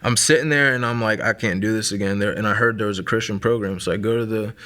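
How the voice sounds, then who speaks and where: A man in his late twenties from Maryland gives his testimony as a guest. His voice is fairly low and steady in tone, yet pushed and bright, and he talks fast. It's a casual telling crowded with fillers, "likes," and restarts.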